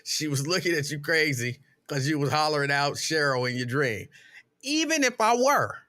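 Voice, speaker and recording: A man's voice: on the high side, moderate pace. A middle-aged man hosting a casual live stream, telling stories with mock outrage and reading viewer comments aloud. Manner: animated, exasperated storytelling with mock outrage.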